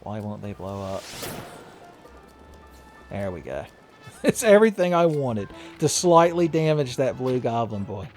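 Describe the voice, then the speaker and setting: Soft music sits behind a very animated man with a mid-range voice who talks a little slowly and leaves long pauses. As a gaming video host, he cracks jokes, curses, and laughs often while playing.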